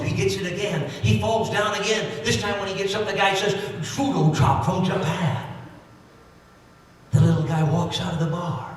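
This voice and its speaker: A man telling jokes in a folksy, chatty stand-up routine. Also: a little high. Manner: folksy, chatty joke delivery. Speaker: stand-up comedian. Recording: echoey hall recorded from far off.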